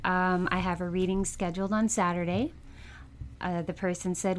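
A woman speaking as a psychic medium in a casual interview, telling her stories in a chatty, animated way and laughing often. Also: on the low side, moderate pace.

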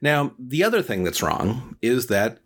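A man's voice: medium pitch, big pitch swings, unhurried, a bit bright. Chatty man telling a folk tale. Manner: chatty, joking, lots of fillers. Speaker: storyteller. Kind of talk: casual storytelling.

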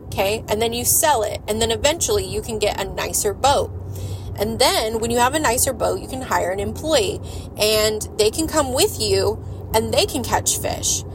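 A woman's voice: on the high side, noisy background. A woman playing a pushy male executive. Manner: eager, persuasive, piling on plans.

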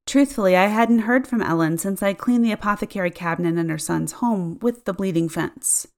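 A woman narrating a first-person story in an expressive, audiobook storytelling style. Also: medium pitch, brisk. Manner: expressive storytelling, acting out dialogue.

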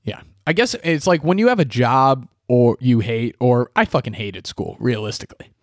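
A man's voice: medium pitch, expressive, normal speed, no echo, clean studio sound. A young man hosting a solo podcast, ranting in a rambling way and swearing often. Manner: profane, rambling and ranty. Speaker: podcast host. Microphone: podcast microphone.

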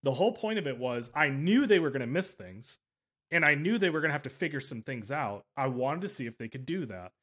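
This man hosts a podcast interview, talking at length in a relaxed, chatty way. His medium-pitched voice is very animated, fairly quick, a bit bright and slightly rough, and he rambles emphatically, often fixing his words mid-sentence.

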